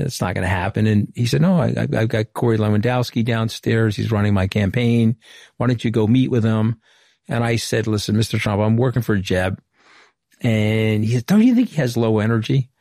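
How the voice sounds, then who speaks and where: Here a former White House communications director, middle-aged and from Long Island, gives an anecdotal, candid interview account, voicing conversations from his past. His mid-range voice carries vocal fry and sounds a little mellow, in a dry, studio-quality recording.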